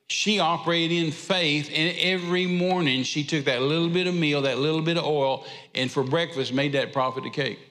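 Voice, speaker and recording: A man preaching with a somewhat high voice, driving his points home with emphatic repetition. His sermon rings out through a church hall with a long, trailing reverb. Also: a bit bright. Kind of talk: sermon storytelling. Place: church sanctuary.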